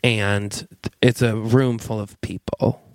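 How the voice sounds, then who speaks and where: A man's voice: lowish voice, flat delivery, takes it slowly, a little mellow, no echo. A man co-hosting a comedy podcast, improvising a story in a rambling, filler-heavy way. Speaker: podcast co-host.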